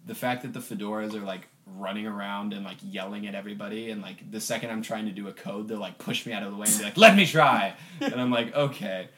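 A man's voice: on the low side, fairly even intonation, fast, few pauses, crowd noise. A man in casual chat, adding details and dry corrections to a shared story.

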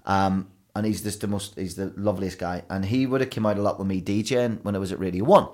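A man, a broadcaster and DJ guest telling rambling, animated stories in a casual podcast chat. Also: deep voice, quick pace. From Belfast, Northern Ireland. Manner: rambling, animated storytelling with restarts.

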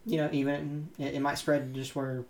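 A man's voice: fairly high pitch, little pitch movement, a little fast, creaky, reverberant, low-quality recording. A young man co-hosting a podcast, talking casually in a rambling, hesitant way with many fillers. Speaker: podcast co-host. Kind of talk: casual chat.

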